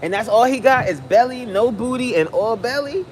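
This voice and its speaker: A woman's voice: a little high, lively intonation, moderate pace, a little mellow, a little hiss or hum. A fitness coach, a woman, giving a blunt, preachy, joking pep talk on a live stream.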